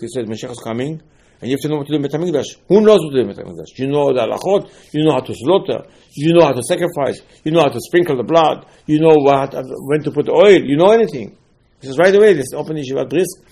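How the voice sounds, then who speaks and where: A man giving a Torah sermon as a rabbi. He asks rhetorical questions and swings between hushed and loud. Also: a little high, animated, fast talker, breathy edge.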